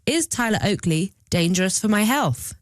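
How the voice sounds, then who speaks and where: A woman's voice: medium pitch, animated, moderate pace, no room sound, studio quality. A woman reading quiz questions aloud in a radio game. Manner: reads questions out like prompts.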